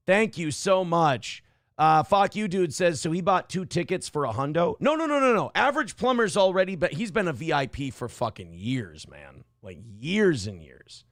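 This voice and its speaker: A man's voice: high voice, vocal fry, a bit bright, no echo, clean studio sound. A man hosting a live-stream talk show, speaking in a sarcastic, rambling way with many fillers while he reads out viewer chat.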